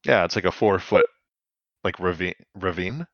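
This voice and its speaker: A man's voice: sits low, normal speed, a bit bright, no echo, highs cut off. A man co-hosting a casual podcast, chatty and laughing a lot, swearing offhand. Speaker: podcast co-host. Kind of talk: casual recap chat.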